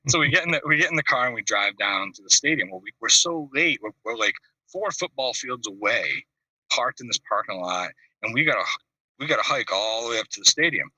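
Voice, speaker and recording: A man telling a long, animated funny story on a video call, acting out voices and laughing at his own tale. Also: mid-range voice, brisk, no room sound. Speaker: call-in show host. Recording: dry video call audio, distant from the mic.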